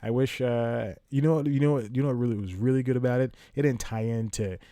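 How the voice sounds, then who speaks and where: A man's voice: medium pitch, a little fast, warm tone, no room sound. A man hosting a casual solo podcast from home, rambling, restarting his sentences and laughing often. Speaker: podcast host.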